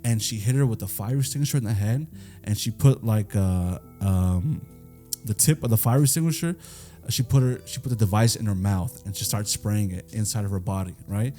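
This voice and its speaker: A man's voice: fairly low pitch, moderate pace, warm tone, faint music behind. A young man co-hosting a podcast, retelling a true crime case in loose, profane, casual talk full of fillers. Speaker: podcast co-host.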